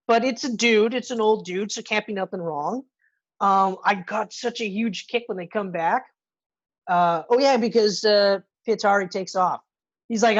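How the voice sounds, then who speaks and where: A woman's voice: medium pitch, normal speed, highs cut off. A woman co-hosting a podcast in casual movie review chat, retelling scenes with lots of swearing and acted-out lines. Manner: animated retelling, profane, acts out characters' lines. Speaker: podcast co-host.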